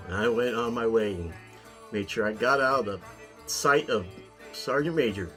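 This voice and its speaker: A man's voice: mid-range voice, normal speed, a bit bright, faint music behind. A man from Ohio, an army veteran, telling a story in a casual, wry way and chuckling at himself. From Ohio, USA. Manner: wry, dry, chuckling at his own story. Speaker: pipe-smoking vlogger, army veteran.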